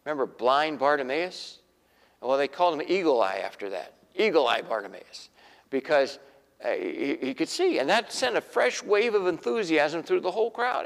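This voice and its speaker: A man's voice: high voice, big pitch swings, normal speed, creaky, a bit bright, in a large hall. A man preaching a sermon in a folksy storytelling way, acting out the voices of the people in his stories.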